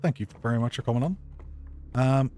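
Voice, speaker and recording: A man's voice: mid-range voice, fairly quick, a little mellow, slight background noise. A man with a Northern Irish Derry accent streaming a game live, thinking aloud in a chatty way and swearing casually. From Northern Ireland. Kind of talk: casual live gameplay commentary.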